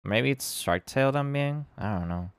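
A man's voice: mid-range voice, animated, moderate pace, smooth, dry recording, studio quality. A man co-hosting a casual podcast, rambling and dropping Spanish words into his English. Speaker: podcast co-host. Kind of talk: casual chat.

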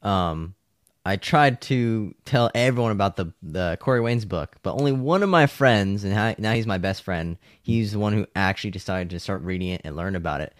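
A man talking as a guest in a casual conversation, telling his own story in an animated way. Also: lowish voice, moderate pace, no room sound, clean studio sound.

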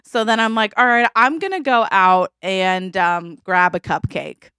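A woman's voice: medium pitch, normal speed, few pauses, clean tone, dry recording, studio quality. A woman co-hosting a podcast, improvising a comic story and acting out the characters, laughing often. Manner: animated, laughs often, acts out quoted characters. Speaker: podcast co-host.

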